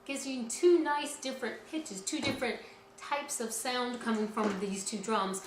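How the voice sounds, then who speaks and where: Upbeat woman teacher leading kids' music class, highish bright voice, roomy echo. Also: moderate pace, heavy background noise. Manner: cheerful, encouraging, speaks to children directly. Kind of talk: children's music lesson.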